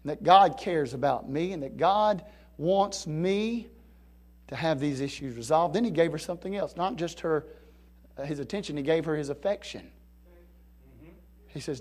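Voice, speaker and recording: A middle-aged pastor preaching a sermon, swinging from soft, low passages to loud, fervent peaks. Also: male voice, expressive, moderate pace. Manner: rising to near-shouting peaks of preaching fervor, then dropping low and soft.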